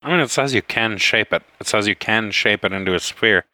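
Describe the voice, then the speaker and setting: A man's voice: lowish voice, a little fast, bright, forceful tone, no echo. A laid-back man playing a tabletop game who declares his character's actions. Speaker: player. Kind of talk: casual tabletop play.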